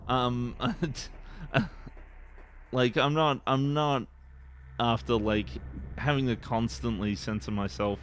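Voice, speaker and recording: A man's voice: medium pitch, steady tone, takes it slowly, pauses often, slight background noise. A man with an Eastern Australian accent, chatting casually on a game stream in a rambling, laid-back way and laughing often. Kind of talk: casual live-stream chat.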